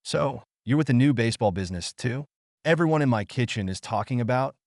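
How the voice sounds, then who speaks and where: A man's voice: medium pitch, animated, brisk, dry recording, clean studio sound, close to an everyday voice. A man voicing a busy chef and father in an audiobook. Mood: brisk. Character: British chef, adult man, harried father.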